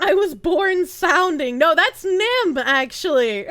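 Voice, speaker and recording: A woman's voice: very high voice, lively intonation, slow, hardly any pauses, a bit bright, no echo, studio quality. A young woman with a Boston accent streaming live, chatting casually, swearing a lot and laughing often. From Boston area, US. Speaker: streamer, VTuber. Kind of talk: casual livestream chat and rants. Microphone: streaming microphone.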